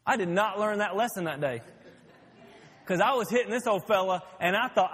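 A man's voice: sits high, normal speed, fairly bright tone, slightly rough, big-room sound. A man preaching a sermon as pastor, telling stories in a folksy way. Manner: folksy storytelling.

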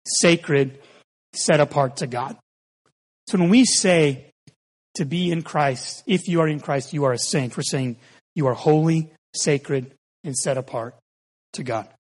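A pastor in his forties preaches in a bright, high voice, easy and conversational. He mixes humor into his sermon and tells stories with animation. His words ring out with a long reverb through a church hall.

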